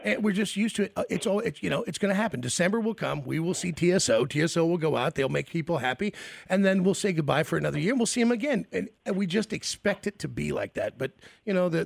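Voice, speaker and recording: A man's voice: fairly high pitch, animated, fast talker, creaky, no room sound. A man hosting a radio interview, enthusiastic and rambling, repeating words as he talks.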